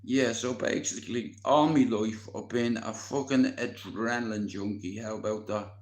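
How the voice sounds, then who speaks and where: A man, telling a story in casual, animated chat, swearing constantly. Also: mid-range voice, measured pace, reverberant. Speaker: vlogger.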